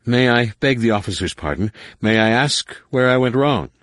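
A man's voice: mid-range voice, expressive, normal speed, a bit bright, no room sound, pitched above the performer's own voice, natural voice. A groveling male alien spy pleads and wails in a raised, swooping voice, as a male audiobook narrator puts him on. He plays at abject humility, begging pardon over and over. The sound is dry and close. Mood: wailing. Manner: wailing, self-abasing.

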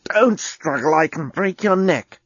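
A man's voice: on the high side, animated, measured pace, slightly rough, no echo, muffled recording. A man voicing a menacing alien man who speaks in curt, clipped threats.

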